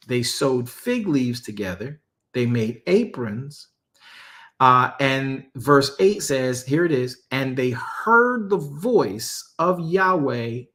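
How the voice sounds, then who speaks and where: A male preacher giving a sermon, reading scripture slowly and deliberately with casual slang asides. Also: mid-range voice.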